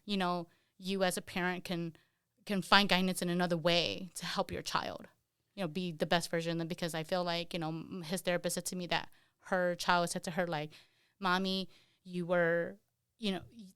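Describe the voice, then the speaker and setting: A woman's voice: on the low side, flat delivery, moderate pace, fairly bright tone, clear, resonant tone, dry recording, studio quality. A woman who is a parent, speaking candidly and earnestly as a podcast guest, with many "you know" fillers. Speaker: guest, parent of an autistic child. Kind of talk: candid conversational interview.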